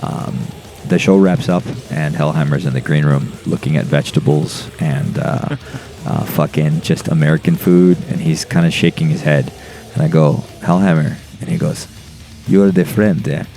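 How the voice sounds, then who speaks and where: Very deep, gravelly-voiced man telling a story. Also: steady tone, moderate pace, hardly any pauses, mellow, soft background music. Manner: profane, rambling, laughs through his story. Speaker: podcast guest. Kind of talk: casual storytelling.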